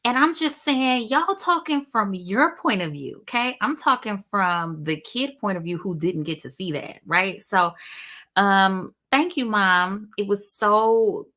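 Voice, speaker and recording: A woman's voice: medium pitch, measured pace, pushed and bright. A woman hosting a live show in casual chat, upbeat and talkative, calling her viewers y'all.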